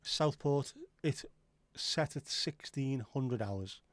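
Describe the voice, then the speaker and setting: A man's voice: medium pitch, slow, no room sound. Jokey man chatting on a dry mic. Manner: rambling, jokey, swears casually. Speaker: livestream host. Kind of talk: casual chat reading viewer comments.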